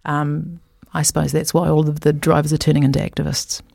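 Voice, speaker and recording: A woman talking casually about motor racing, chatty and animated, jumping between asides. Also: low-pitched, fairly quick, gravelly, no room sound, studio quality. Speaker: guest commentator.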